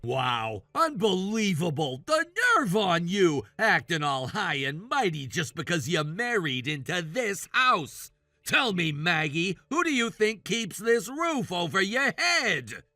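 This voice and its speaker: A man voicing a demanding, sexist jobless brother-in-law in his thirties for a text message story, yelling orders and insults. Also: sits high, sing-song, slow, no room sound, studio quality, heavily acted. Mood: angry. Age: 30s.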